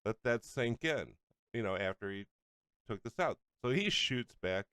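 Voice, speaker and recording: A man's voice: medium pitch, lively intonation, normal speed, sharp tone, smooth, no echo, studio quality. Ranting male political talk host. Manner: ranting, mocking, often laughing. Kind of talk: angry political commentary over clips.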